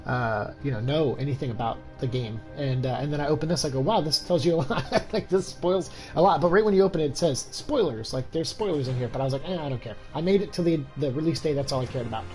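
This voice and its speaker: A man's voice: mid-range voice, fairly quick, a little mellow, soft background music, rough recording. Tired, stuffed-up young man streaming. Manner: keeping his voice down, rambling with many fillers. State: stuffed up with a cold; exhausted. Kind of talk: casual game-stream chat. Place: home room at night.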